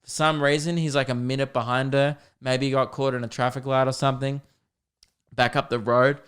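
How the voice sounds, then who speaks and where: A young podcast host with a clear, resonant voice, sitting neither high nor low in pitch. He tells an animated comic story, poking fun at himself and swearing casually as he goes. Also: a little fast. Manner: animated, self-deprecating, sweary.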